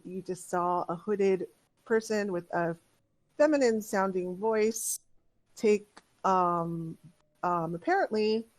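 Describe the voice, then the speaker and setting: A woman narrating as game master over an online voice chat, chatty and halting with many fillers. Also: medium pitch.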